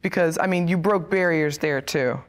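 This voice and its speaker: A woman's voice: low-pitched, moderate pace, a little hiss or hum. A woman hosting a sit-down interview, mostly listening and giving short encouraging replies before asking her questions. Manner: attentive, brief encouraging replies. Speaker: interviewer, team host. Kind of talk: conversational interview.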